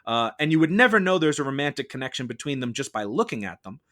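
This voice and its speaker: A man's voice: medium pitch, very animated, sharp tone. Man arguing a formal mock-trial case. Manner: measured, formal courtroom-style arguing. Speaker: mock-trial prosecutor on a film podcast. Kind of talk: prepared argumentative case delivered to a judge.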